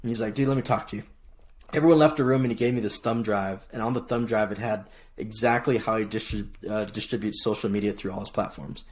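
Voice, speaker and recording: A middle-aged man from Hawaii, a podcast guest telling his story in casual, lively chat, often restarting phrases. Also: on the low side, fast. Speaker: podcast guest, military veteran.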